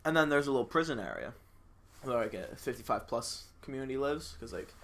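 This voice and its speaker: A man's voice: medium pitch, lively intonation, a little fast, fairly bright tone. A young man, a podcast co-host, telling a story in casual chat with lots of filler words. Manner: rambling storyteller, many "like" fillers.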